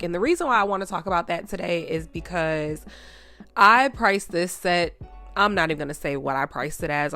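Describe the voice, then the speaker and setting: A young woman who runs a nail channel, chatting casually with a stuffy nose, full of "y'all" and "like". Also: fairly low pitch. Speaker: nail tech vlogger. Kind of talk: casual chat over a tutorial. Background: soft background music.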